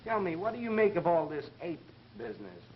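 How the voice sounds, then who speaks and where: A man's voice: a little high, big pitch swings, a little fast. An actor playing a cheeky male insurance salesman who flirts and wisecracks. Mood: flirty. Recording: 1930s film soundtrack, dull and hissy.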